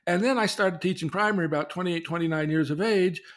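A middle-aged father speaks quickly in a high voice, turning his own story into a religious lesson for his daughter. He's earnest, poses questions, and performs the voices of people he quotes.

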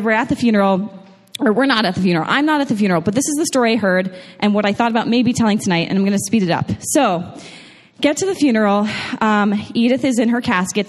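A young woman from New York telling a funny personal story to a live audience, chatty, with frequent laughs and restarts. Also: mid-range voice. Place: large room with an audience. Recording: long hall reverb.

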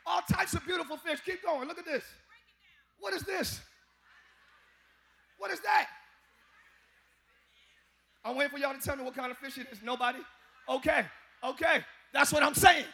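Preacher guy with a really high gravelly voice, bright and punchy, hollering and joking at the crowd. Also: normal speed, pauses often. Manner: animated, humorous preaching with shouts and chanting. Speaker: pastor. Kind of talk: sermon. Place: church sanctuary.

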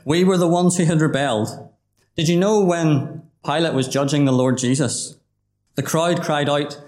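A man's voice: fairly high pitch, a little mellow. A man preaching a gospel sermon, earnest and pleading, speaking directly to the listener as "my friend". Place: gospel hall. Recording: roomy hall echo.

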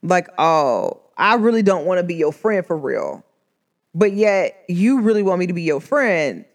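Animated woman telling a story. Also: fairly low pitch, measured pace. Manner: animated, expressive, slangy, acts out voices in her stories. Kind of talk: casual storytelling chat.

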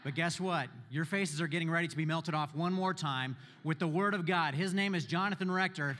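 A man's voice: fairly high pitch, fairly quick. A man hosting a church event, energetically hyping the crowd as he introduces the next speaker. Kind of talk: hype introduction. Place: church auditorium. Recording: reverberant hall with crowd noise.

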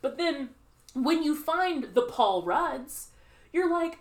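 A woman's voice: high voice, takes it slowly. A woman co-hosting a podcast in casual chat, rambling with many fillers and acting out quoted reactions. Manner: rambling, filler-heavy, animated quoting. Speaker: podcast co-host.

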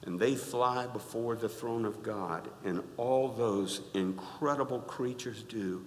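A middle-aged man preaching a sermon in a church, animated and rising to loud exclaims, often asking the congregation to answer back. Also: medium pitch, unhurried, hardly any pauses, a little hiss or hum. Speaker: pastor. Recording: reverberant church hall.

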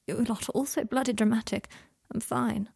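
Give me a woman voicing a weak, hushed injured young man with dry wit, husky and dry-sounding, for a read-aloud story. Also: a little high, steady tone, moderate pace, no room sound, heavily acted. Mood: wry. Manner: faint, hushed, often whispering.

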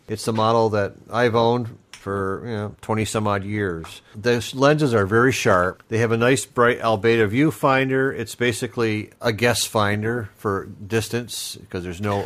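A man's voice: lowish voice, normal speed, hardly any pauses, fairly bright tone. A man chatting casually about vintage film cameras, explaining their features at length. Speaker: camera show host.

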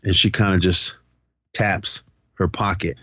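In a muffled recording with no echo, a man speaks a little slowly in a low, level voice that is husky yet pushed and bright. As a podcast co-host doing a casual movie recap, he loosely retells the plot with profanity and acts out what the characters say.

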